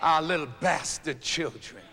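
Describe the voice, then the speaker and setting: A man delivering a fiery sermon-style speech to a live arena audience. He preaches in a rolling cadence that sinks to hushed passages and rises to shouted peaks. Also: fairly high pitch, a little slow. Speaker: minister addressing a rally. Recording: echoey arena recording with faint noise.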